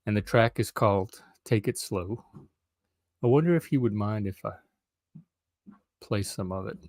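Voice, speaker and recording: A middle-aged man chats loosely to his viewers, pausing often with ums as he thinks aloud. His voice sits low and is recorded close and dry, with no room sound around it. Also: a little mellow, dry recording. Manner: rambling, hesitant, lots of ums. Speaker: live stream host. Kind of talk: casual solo live stream chat.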